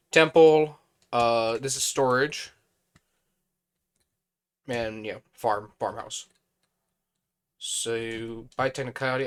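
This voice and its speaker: A male streamer plays a building game, offering casual, chatty live-stream commentary as he thinks aloud and mutters to himself through tasks. His mid-pitched voice is hoarse, worn and fading, with a slightly bright edge.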